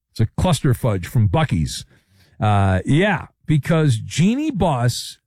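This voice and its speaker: Animated, jokey male sports commentator. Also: on the high side, dry recording, studio quality. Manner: theatrical, jokey, full of wordplay and sound effects.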